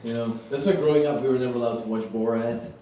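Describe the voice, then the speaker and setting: A man in his thirties from Germany doing a stand-up set, loose and halting with lots of ums and frequent laughter at his own jokes. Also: mid-range voice, steady tone, dark tone. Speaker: stand-up comedian. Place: small comedy venue. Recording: roomy, distant club mic with faint noise.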